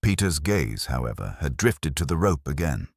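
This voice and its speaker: A man narrating a mystery audiobook in a measured, atmospheric storytelling manner. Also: rumbling low, very animated, husky, no echo, studio quality.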